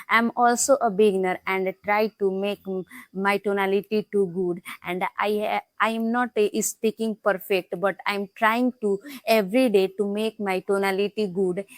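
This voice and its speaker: A woman's voice: mid-range voice, no echo. Woman practicing english on camera, lots of uh's, dry close sound, stresses her example lines. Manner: hesitant, many fillers, learner English; stresses practice sentences with rising tone. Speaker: English learner vlogger. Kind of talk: casual practice vlog.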